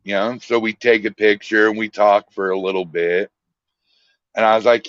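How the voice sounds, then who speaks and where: A man's voice: fairly low pitch, flat delivery, moderate pace, fairly bright tone, no room sound. A man chatting casually on a podcast as the guest, telling stories in a laid-back way. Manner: storytelling, laid-back drawl. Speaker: guest, paranormal team founder. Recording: dull lo-fi dry sound.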